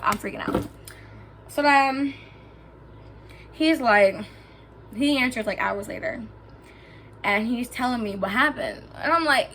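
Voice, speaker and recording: A woman's voice: on the high side, measured pace, long pauses, a little hiss or hum. Young woman animatedly telling a story. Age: young adult. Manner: animated, swearing, acts out quotes. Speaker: vlogger. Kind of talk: storytime vlog. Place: indoors, lying down at home.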